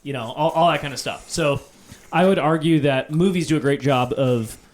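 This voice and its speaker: A man's voice: on the high side, normal speed. A man co-hosting a podcast, rambling casually with lots of fillers and laughter. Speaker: podcast co-host. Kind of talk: casual chat.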